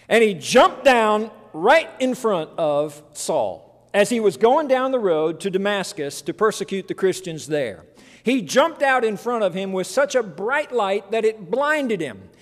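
Animated high-voiced male preacher in a hall. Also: unhurried. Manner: animated storytelling, acts out voices. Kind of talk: sermon.

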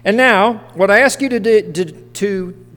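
This sermon comes from a man with a high, fairly bright voice who speaks without hurry. He preaches conversationally, often questioning the congregation, while the church hall's long reverb rings around him.

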